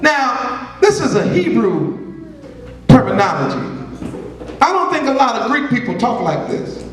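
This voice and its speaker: A man with speech preaches to a congregation in a high, unhurried voice. He draws out his words and breaks into shouts now and then. He stands away from the mic in a very echoey room. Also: big pitch swings, distant mic, a little hiss or hum. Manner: call-and-response preaching, swells to shouts. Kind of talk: sermon.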